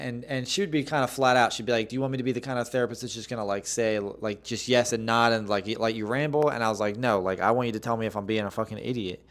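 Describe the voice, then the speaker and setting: A man's voice: lowish voice, fairly bright tone. A young man hosting a solo podcast, talking casually and candidly in a rambling way, full of fillers and the odd curse. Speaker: podcast host.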